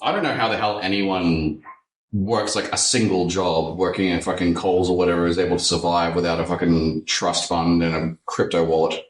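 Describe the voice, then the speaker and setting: A man's voice: low voice, steady tone, normal speed, reverberant, distant mic, low-quality recording. A man, a tattoo artist, chatting casually and animatedly, swearing freely with lots of fillers. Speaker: tattoo artist and podcast host. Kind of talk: casual chat.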